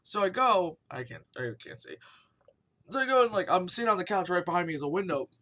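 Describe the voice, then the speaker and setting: A woman's voice: fairly low pitch, lively intonation, quick pace, bright, forceful tone. A woman telling a story in a casual vlog rant, rambling and swearing, with lots of fillers. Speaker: vlogger.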